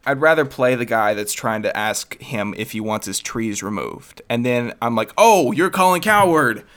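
A man's voice: fairly low pitch, moderate pace, fairly bright tone, clean tone. A man co-hosting a casual chat, joking and playfully scheming, laughing often.

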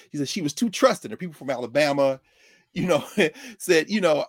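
A middle-aged man hosting, telling a story in a casual, animated way with lots of digressions and self-corrections. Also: on the high side, fairly quick, slightly rough, no echo, studio quality.

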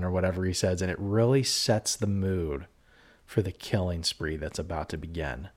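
A man's voice: deep voice, fairly even intonation, measured pace. A man co-hosting a casual horror movie review podcast, talking in a heated, ranting way with swearing and lots of fillers. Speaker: podcast co-host.

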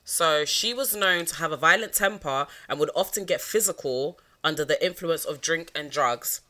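A chatty woman co-hosting a podcast, her voice low-pitched and bright. She fills her talk with "like" and "um" and laughs easily. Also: normal speed. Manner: chatty, laughs often, lots of "like" and "um". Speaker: podcast co-host. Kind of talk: casual true-crime podcast chat.

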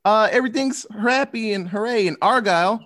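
A man's voice: sits high, a little fast, fairly bright tone. A man hosting a casual online chat, retelling a movie plot between giggles and teasing jabs at his friends.

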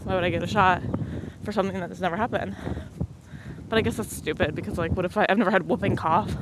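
A woman's voice: on the low side, steady tone, fast talker. A young woman with a cold talks into a headset mic as she walks, short of breath and sniffly. Her chat is loose and self-mocking, with jokes at her own expense. Passing cars and wind hiss faintly behind her. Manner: self-deprecating, joking, scattered. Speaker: podcast host. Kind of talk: rambling solo podcast chat. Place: outdoors on a windy street while walking. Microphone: headset mic on headphones.

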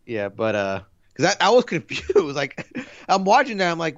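A man's voice: medium pitch, huge pitch swings, a little fast, dry recording, lo-fi sound. A man in his thirties co-hosting a podcast, chatting casually in a rambling, laid-back way full of fillers. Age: 30s. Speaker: podcast co-host. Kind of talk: casual chat.

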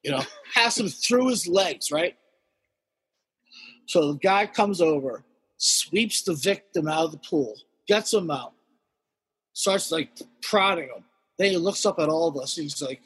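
A man telling a wild story in casual podcast chat, animated and swearing heavily as he acts out the characters. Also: on the high side, unhurried, husky, long reverb tail. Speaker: guest storyteller.

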